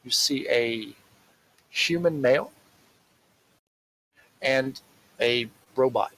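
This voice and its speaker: A man narrating a tabletop role-playing game as game master, in a slow, rambling, casual way with fillers. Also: mid-range voice, fairly bright tone, low-quality recording.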